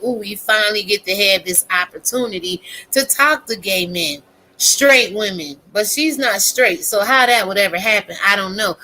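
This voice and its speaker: A woman giving a casual, profane, animated rant as a YouTube commentator, talking straight to her viewers. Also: medium pitch, a little hiss or hum.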